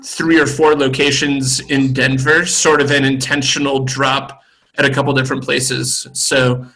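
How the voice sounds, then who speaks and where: A brewer talks over a video call, unhurried and thoughtful, filling gaps with "um". His voice is bright and clear, pitched at an ordinary middle level. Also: low-quality recording. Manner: relaxed, thoughtful, with many fillers. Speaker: brewery co-owner. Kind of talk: casual video call chat.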